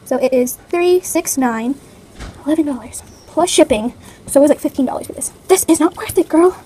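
A teenage girl with a high, quick voice talks her way through an unboxing vlog. She is chatty and playful, with dramatic complaints. Faint noise hangs behind her. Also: dark tone, poor audio. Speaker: vlogger.

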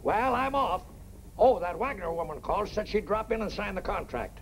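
A hearty, bluff boss. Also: male voice, sits high, lively intonation, normal speed, a little hiss or hum. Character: hearty, bossy middle-aged company boss. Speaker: boss in a sitcom. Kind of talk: 1950s TV sitcom acting.

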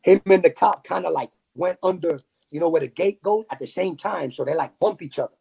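A man tells a story as a podcast guest. His voice sits a bit high and sounds gravelly and husky. He talks in animated street slang and drops in sound effects. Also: a little fast. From New York City. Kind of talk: casual storytelling.

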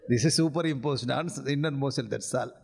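Indian-accented swami teaching scripture. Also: male voice, medium pitch, creaky, a little mellow, husky. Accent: Indian English. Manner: repeats checks like "are you getting it?", chuckles often; slow, drawn-out recitation of Sanskrit phrases. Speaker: spiritual teacher. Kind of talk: interactive scripture class.

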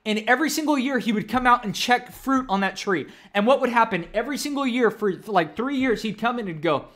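High-voiced man preaching earnestly. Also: expressive, brisk, few pauses, fairly bright tone. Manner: earnest, repetitive, addresses listeners as "you guys". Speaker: pastor. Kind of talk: sermon teaching.

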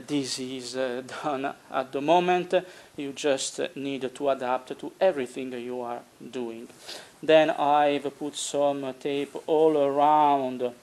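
A man who is not a native English speaker talks through a hobby project at a slow, unhurried pace, his mid-range voice carrying a gravelly edge. He stops often on filler sounds and corrects his own words as he works. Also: mid-range voice, a little mellow. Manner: hesitant, many filler sounds, self-correcting. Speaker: hobbyist tutorial maker. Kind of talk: casual how-to narration while working.

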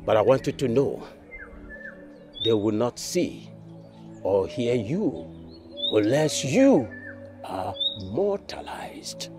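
An actor with a Nigerian accent playing a grave, measured male spirit guide of the dead in a film. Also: medium pitch, big pitch swings, over music. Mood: solemn. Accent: Nigerian English. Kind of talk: film acting.

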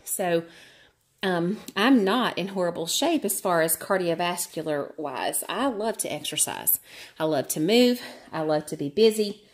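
A woman chatting candidly to camera on an exercise bike, a little out of breath, with lots of fillers. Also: on the low side. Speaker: vlogger. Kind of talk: casual talk to camera while cycling.

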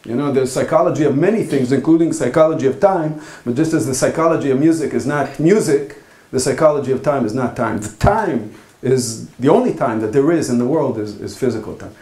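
A man giving an academic philosophy talk at a conference, speaking in a halting, thoughtful way with frequent pauses. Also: mid-range voice, warm tone. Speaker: philosophy lecturer. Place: lecture hall. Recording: echoey lecture hall.

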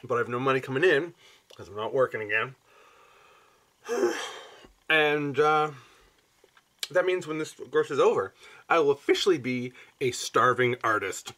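A man's voice: animated, normal speed, long pauses. Wry, playful man vlogging. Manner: wry, playful, jumps into loud high bursts. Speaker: vlogger host. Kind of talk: casual vlog chat.

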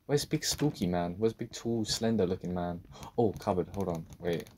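A man giving a let's-play commentary on a horror game, talking to himself, swearing and breaking into sudden loud outbursts. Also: deep voice, moderate pace, a little hiss or hum. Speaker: gaming video creator.

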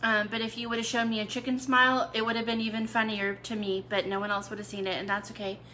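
Speaking fast in a pushed, bright voice on the high side with little pitch movement, a young adult cooking channel host chats casually with viewers on a live video. She adds playful asides, and the audio carries a little hiss or hum.

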